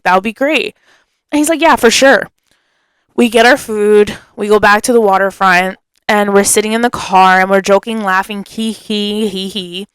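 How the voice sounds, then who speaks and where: A young woman hosting a podcast, telling a story in a chatty, animated way and acting out what people said. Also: mid-range voice, clean tone, no room sound. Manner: animated, chatty, acts out quotes. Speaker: podcast host. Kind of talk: casual storytelling.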